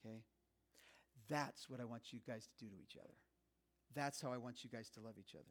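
A man's voice: medium pitch, brisk, voice pushed down, close to an everyday voice. A man voicing Jesus in a sermon retelling, talking to his disciples in a conversational, coaxing way and urging them over and over to remember. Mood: pleading, fond. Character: Jesus, earnest male teacher pleading with his disciples.

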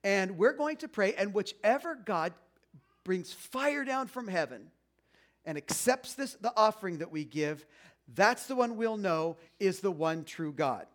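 A man's voice: high voice, expressive, a little slow, a bit bright. A man voicing an ancient male prophet who is confident and taunting, speaking in a casual modern way. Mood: challenging. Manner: playful, challenging, casual modern phrasing.

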